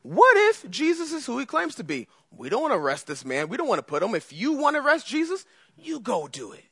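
Rattled temple guards , as a male preacher acts them out, protest in street slang. The voice is pushed up high and swings wildly. The recording is dry and close. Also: huge pitch swings, a little fast, sharp tone, husky, dry recording, exaggerated voice. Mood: alarmed. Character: frightened temple guards, adult men, slangy and nervous.

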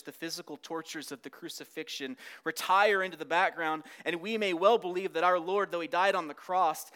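Earnest, higher-voiced man preaching. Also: clear, resonant tone. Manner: earnest, builds up then drops to a hush; meditative, repeats key words. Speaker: pastor. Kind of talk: sermon.

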